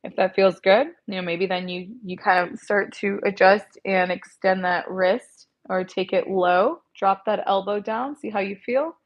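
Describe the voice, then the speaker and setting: A woman yoga instructor calmly guiding a class through stretches, speaking into an earpiece mic. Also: medium pitch, measured pace, few pauses, dull audio. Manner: gentle, calm cueing with soft encouragement.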